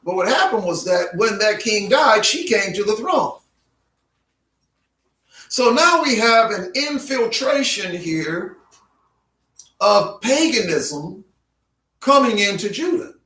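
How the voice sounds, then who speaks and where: A man lectures on Bible history, slow and deliberate, stopping to repeat each name in its alternate pronunciations. His voice sits high for a man. He sounds far from the mic in a roomy, echoing space. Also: expressive, bright, forceful tone. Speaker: Bible teacher.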